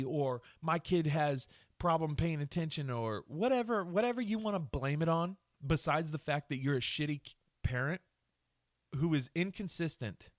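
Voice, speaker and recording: A man's voice: on the high side, dry recording. Guy ranting on his podcast, cussing, angry, dry close sound. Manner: angry, profane ranting with rambling restarts. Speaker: podcast host. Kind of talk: solo podcast rant.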